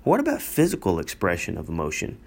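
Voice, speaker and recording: A man, a pastor, hosting a solo marriage podcast and teaching in a calm, earnest way, repeating key points with frequent "uh" fillers. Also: sits low, fast talker, vocal fry.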